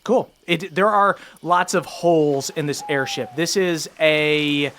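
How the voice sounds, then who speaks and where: A game master calmly describing scenes in a tabletop role-playing game. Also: mid-range voice, takes it slowly.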